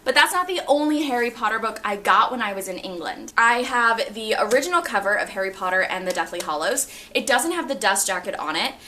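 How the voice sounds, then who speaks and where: A young woman in her twenties chatting casually and excitably about her books, laughing often. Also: mid-range voice, brisk, hardly any pauses, a little hiss or hum. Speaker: book vlogger. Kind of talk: casual chat.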